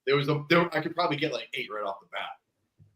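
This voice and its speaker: A man co-hosting a casual movie podcast, relaxed and opinionated, swearing casually. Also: mid-range voice, quick pace, echoey room. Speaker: podcast co-host.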